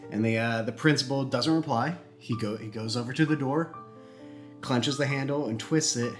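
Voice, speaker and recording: A man casually telling a long shaggy-dog joke, acting out the characters' lines in quick put-on voices. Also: mid-range voice, soft background music. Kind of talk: casual chat.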